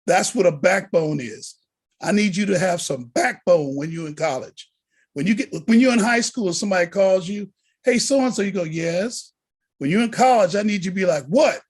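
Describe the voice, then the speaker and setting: Husky animated deacon teaching students. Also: male voice, sits high, fairly quick. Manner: animated, preacher-like exhortation. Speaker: deacon and college prep instructor. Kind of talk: motivational lesson to students.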